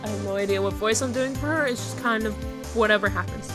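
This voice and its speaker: A woman's voice: mid-range voice, fast, music in the background. A woman streamer talking offhand during a let's play. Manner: casual, offhand. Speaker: game streamer.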